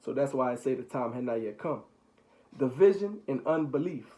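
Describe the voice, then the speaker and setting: A young man leading a Bible study for his little brother, reading passages and retelling them in relaxed slang. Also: mid-range voice, moderate pace, poor audio. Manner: paraphrases scripture in relaxed slang. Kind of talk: casual Bible reading and explaining.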